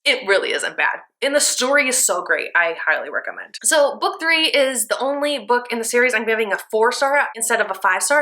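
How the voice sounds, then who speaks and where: A young woman chatting casually about books she has read, gushing and animated, with lots of fillers. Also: medium pitch. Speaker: book vlogger. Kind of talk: casual chatty book review.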